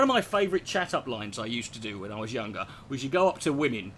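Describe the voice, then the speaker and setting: A man's voice: medium pitch, sing-song, fast talker, few pauses, music in the background. Profane man doing stand-up. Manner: profane, rambling, slipping into accent impressions. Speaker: stand-up comedian. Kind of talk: stand-up comedy routine.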